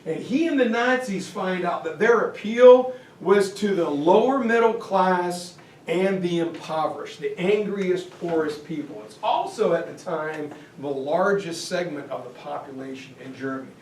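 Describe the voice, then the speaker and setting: A man with a high voice gives an animated history lecture, joking and acting things out and breaking into shouts. He sounds echoey and a little distant, as if caught by a mic across a classroom. A faint noise sits under his voice. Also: measured pace. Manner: jokey, theatrical, bursts into shouts. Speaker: teacher.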